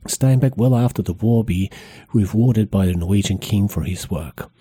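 A man hosting a history podcast, telling the story in a measured way with small hesitations. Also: lowish voice, mellow, slightly rough, no echo.

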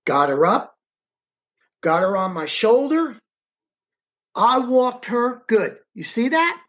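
A man with a very high, expressive, fairly bright voice tells his eyewitness story in dramatic first person, hitting words hard. He pauses to direct someone repositioning an on-screen map, and the recording is muffled.

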